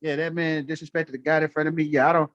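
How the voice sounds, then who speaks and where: Man, guest on a live stream; blunt, profane storyteller; fairly high voice; dry, close sound. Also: little pitch movement, fast, a bit bright, no room sound, highs cut off. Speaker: livestream guest.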